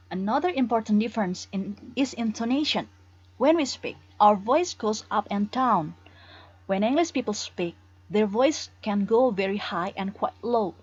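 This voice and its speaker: Husky woman teaching pronunciation. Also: mid-range voice, a little mellow, dull audio. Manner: reads English examples then explains in Indonesian. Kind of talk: bilingual classroom lesson.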